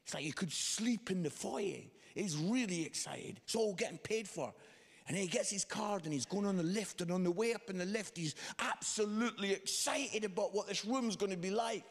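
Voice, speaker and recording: A man preaching a sermon, telling a story with lively, animated delivery and quoted voices. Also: sits high, moderate pace, gravelly. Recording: long hall reverb.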